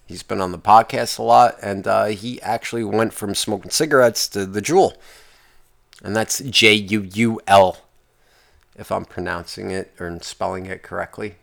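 A man hosting his own podcast alone, ranting in a profane, exasperated way, his voice jumping higher when he gets worked up. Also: vocal fry, fairly bright tone. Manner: pitch jumps up when worked up. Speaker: podcast host. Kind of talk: casual solo podcast rant.

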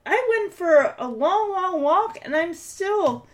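High-voiced woman gabbing about a tv episode, giggly, pitch all over the place, unhurried. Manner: chatty, giggly, animated retelling with quoted voices. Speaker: podcast host recapping a TV episode. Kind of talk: casual chat.

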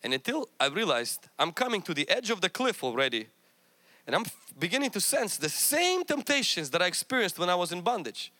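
A man's voice: high-pitched, very animated, brisk, bright, forceful tone. A man who is a pastor, telling a personal story with self-mocking humor and then preaching with rising fervor. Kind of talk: sermon.

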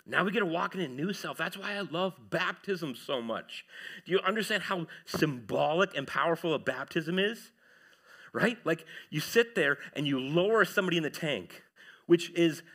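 A man, preaching a sermon in church, animated and swinging between loud and hushed. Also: on the high side. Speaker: pastor.

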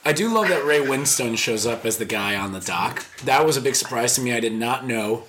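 A man hosting a casual podcast, joking and rambling his way through a hot-sauce tasting. His voice sits at an ordinary middle pitch. The recording carries clear background noise. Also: lively intonation, a little fast. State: tearful from spicy food. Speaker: podcast host. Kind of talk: casual chat while eating hot sauce. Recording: noisy home recording.

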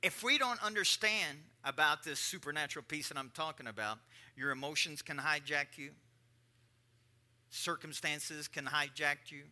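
A man preaching a conversational sermon, repeating lines and swinging between quiet and emphatic delivery. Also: on the high side, moderate pace. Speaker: pastor.

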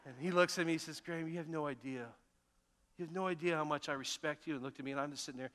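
Bright-voiced pastor preaching in a reverberant church. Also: male voice, fairly high pitch, fast. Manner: storytelling, earnest, swings from emphatic to hushed. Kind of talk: sermon. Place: church sanctuary.

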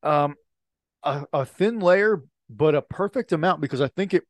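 A middle-aged man co-hosting a casual podcast, easygoing and quick to agree. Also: on the high side, expressive, no room sound. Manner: easygoing, lots of agreeing murmurs. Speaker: podcast co-host. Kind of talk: casual chat.

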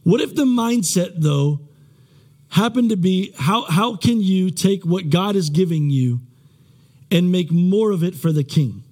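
A man's voice: high-pitched, lively intonation, measured pace, darkish tone. A male pastor preaching a sermon in a conversational, rambling way, with many restarts and self-deprecating asides.

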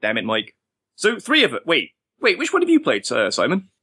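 A man's voice: on the high side, huge pitch swings, pushed and bright, husky. A man hosting a casual podcast chat, joking around and steering the talk with playful segues. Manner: playful, quick to joke and segue. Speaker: podcast host.

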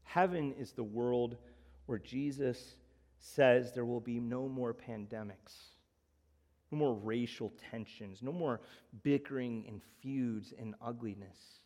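A man preaching a sermon, swinging from loud emphatic lines to soft, slow appeals. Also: mid-range voice, in a large hall. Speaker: pastor.

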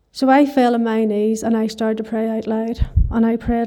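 A woman's voice: fairly high pitch, level tone, fairly quick, hardly any pauses, mellow. A woman with a Northern Irish accent giving a personal testimony in church, telling her story earnestly with plenty of "you know" fillers.

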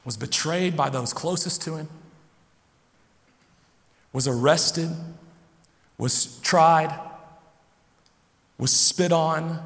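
Preacher with a high voice in a reverberant hall. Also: male voice. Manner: dramatic storytelling, dropping low and slow then rising loud. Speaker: pastor. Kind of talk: sermon.

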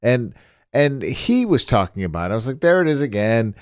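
A man's voice: medium pitch, very animated, a little fast, clean tone, dry recording, studio quality. A man co-hosting a casual podcast chat, rambling and laughing, often restarting his sentences. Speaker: podcast co-host.

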